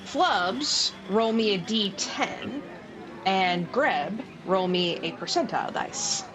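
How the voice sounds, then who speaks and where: A woman's voice: mid-range voice, animated, slow pace, a crowd in the background, background noise. A woman narrating as game master in a casual, giggly way, full of "like" and other fillers. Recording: background music.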